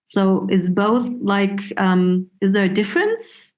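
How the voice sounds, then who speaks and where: A woman's voice: medium pitch, sing-song, takes it slowly, darkish tone. A woman student in an online class, asking the teacher a question hesitantly.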